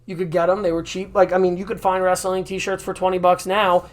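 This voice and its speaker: A young man in his twenties talks on a podcast with a fairly high voice. He rambles in a casual, animated way, swearing freely and slipping into quoted voices as he tells stories. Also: a little fast. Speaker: podcast host.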